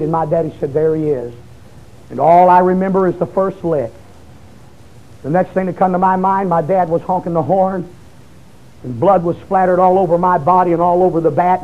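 A man preaches a fiery testimony, his voice pitched high. He breaks into shouted, pleading bursts. The recording is dull and muffled, like an old tape.

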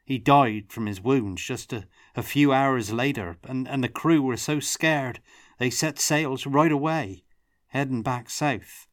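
A man reading aloud, voicing a gruff, secretive halfling cook telling a grave story. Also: mid-range voice, unhurried, no echo, clean studio sound, pitched above the performer's own voice, natural voice.

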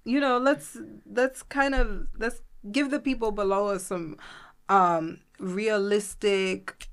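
A woman with a New York accent co-hosting a casual podcast chat, animated and opinionated. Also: medium pitch, takes it slowly, clean tone. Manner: animated, switches to loud playful outbursts. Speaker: podcast co-host.

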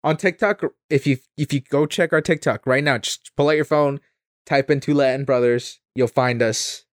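A man's voice: medium pitch, normal speed, dry recording, studio quality. A young man from Canada co-hosting a casual comedy podcast, joking and rambling with lots of fillers and repeats. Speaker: podcast co-host.

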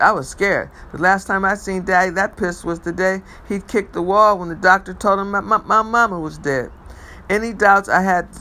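Bright-voiced man reading a story aloud. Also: high voice, rough recording. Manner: measured first-person storytelling with occasional stumbles. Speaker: reader.

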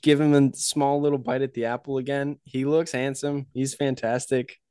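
A man with a warm, clean voice at medium pitch and fairly flat intonation co-hosts a podcast, casually summing up a movie's ending and reading a review aloud. He sounds measured as he recaps the plot and quotes the critic. The recording is dry, with clean studio sound.

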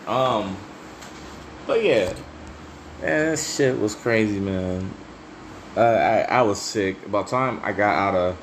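A low-voiced man, recorded with slight background noise, hosts his own podcast and tells relaxed, profane stories in a monologue. Swearing freely and laughing often, he's chatty and animated when storytelling.

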